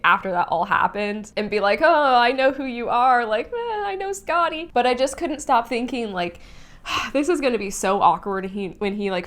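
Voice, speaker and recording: A young woman talks through a spoiler review of a novel she loved. She speaks in a loose, chatty way with lots of "like" and shows open feeling. Her voice sits at a middle pitch. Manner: chatty and emotional, heavy use of "like", sighs and laughs. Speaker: book reviewer. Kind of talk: casual spoiler book review.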